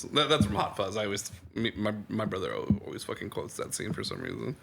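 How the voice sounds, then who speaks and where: A man's voice: fairly low pitch, expressive, fast talker, creaky, fairly bright tone, a little hiss or hum. A man co-hosting a podcast, chatting casually about a movie, laughing often, swearing and restarting his sentences. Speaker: podcast co-host. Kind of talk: casual movie review chat.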